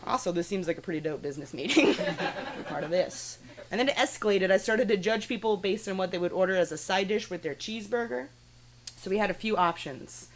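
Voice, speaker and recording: A woman's voice: medium pitch, animated, fairly quick, a little hiss or hum. Brash young woman doing stand-up. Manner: brash, profane, laughing at her own jokes. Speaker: stand-up comedian. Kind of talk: stand-up comedy set. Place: small studio stage with a live audience. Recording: live audience clearly audible.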